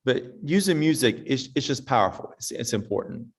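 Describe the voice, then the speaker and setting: A man's voice: medium pitch, very animated, brisk, creaky, husky. Folksy man in his fifties. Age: 50s. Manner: folksy and direct, acts out parents and sings snippets. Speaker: veteran teacher presenting to other teachers. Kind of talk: casual conference talk with audience questions. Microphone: online presentation mic.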